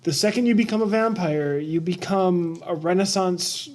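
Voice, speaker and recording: A man's voice: sits high, normal speed, darkish tone. A man co-hosting a podcast, chatting playfully about a movie. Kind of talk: casual movie discussion.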